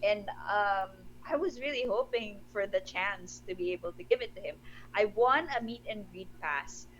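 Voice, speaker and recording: A woman's voice: medium pitch, normal speed, dull audio. Young woman from the Philippines, casual interview guest, eager, laughs often, restarts sentences, faint noise behind. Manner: enthusiastic, giggly, with frequent restarts and fillers. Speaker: wrestler and musician guest.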